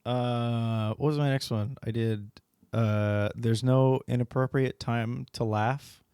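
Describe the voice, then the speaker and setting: A man's voice: medium pitch, steady tone, a little slow, mellow, clean tone, dry recording, clean studio sound. A man co-hosting a podcast, casual rambling chat, laughing often and swearing freely. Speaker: podcast co-host.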